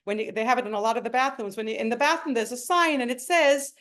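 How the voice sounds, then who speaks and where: Middle-aged woman, slightly high voice, earnest personal testimony. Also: fast talker, fairly bright tone. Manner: earnest, emotional storytelling with acted quotes. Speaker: speaker sharing a personal story. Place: home.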